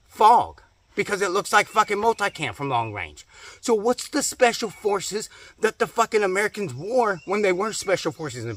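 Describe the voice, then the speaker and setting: A man's voice: sits high, fairly bright tone, no echo. A man in a comedic rant, angry and profane, swearing constantly and repeating himself. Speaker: comedic ranting character.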